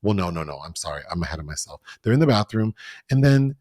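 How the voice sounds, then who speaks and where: A man's voice: low-pitched, fast talker, no room sound, clean studio sound. A man co-hosting a podcast, recapping a TV drama in casual, profane chat and acting out the scenes with gusto. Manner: animated, profane, acts out scenes. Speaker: podcast co-host.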